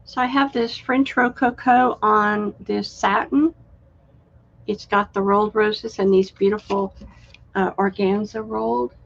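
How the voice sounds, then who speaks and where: A woman hosting a live-stream craft sale, chatty and unhurried, admiring each item as she shows it. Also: medium pitch, steady tone, vocal fry, highs cut off. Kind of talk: live-stream sales chat.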